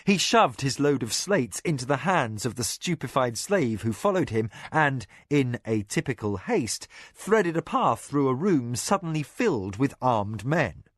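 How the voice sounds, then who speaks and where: A male narrator reads a novel aloud, his voice rising and falling in a lively, expressive way. His pitch sits in the middle. The recording is close and dry, with no room echo. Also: unhurried, few pauses. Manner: expressive, dramatic reading. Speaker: audiobook narrator. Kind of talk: scripted narration.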